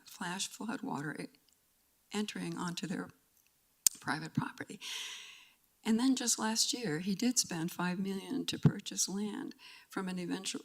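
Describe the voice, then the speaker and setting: An older woman with a lowish voice and vocal fry gives public comment at a council meeting. She is earnest and emotional, holding back tears and stumbling through restarts.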